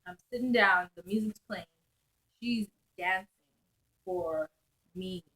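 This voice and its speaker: A young woman vlogger telling a wild night-out story in casual slang, animated and laughing often. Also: lowish voice, takes it slowly, poor audio.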